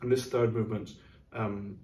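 A man's voice: fairly low pitch, level tone, normal speed, darkish tone, far from the mic. Thoughtful man explaining music, roomy sound. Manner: thoughtful, explanatory, sings rhythms aloud. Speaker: orchestra music director. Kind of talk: casual chat about classical music. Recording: roomy, from off mic.

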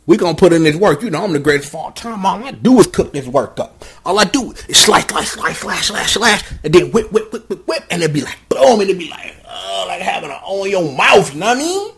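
A man's voice: high-pitched, quick pace, creaky, husky, full character voice. A man doing a cocky, bragging cook. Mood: boastful. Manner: bragging, slangy, relaxed swagger. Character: cocky boastful male cook.

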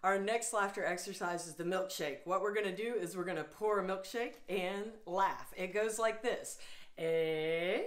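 A woman's voice: mid-range voice, normal speed, roomy sound. Cheerful laughter yoga instructor, woman. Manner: cheerful, coaxing, bursts into loud laughs and howls. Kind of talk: guided laughter exercise class.

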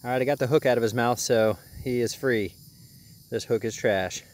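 A man giving casual, joking commentary outdoors by a pond while fishing, excitable and quick to chuckle. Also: medium pitch. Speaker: fishing vlogger.

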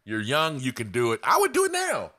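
A man's voice: medium pitch, wildly swooping pitch, fairly quick, sharp tone, no echo, studio quality. A man giving casual, blunt sales coaching to camera, swearing freely.

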